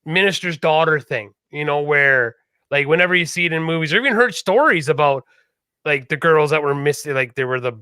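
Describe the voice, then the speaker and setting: A man co-hosting a casual podcast chat, telling stories in a lively way and acting out the voices of people he quotes. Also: on the high side, a little fast, smooth, no room sound, studio quality. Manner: animated storyteller, acts out quoted voices. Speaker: podcast co-host.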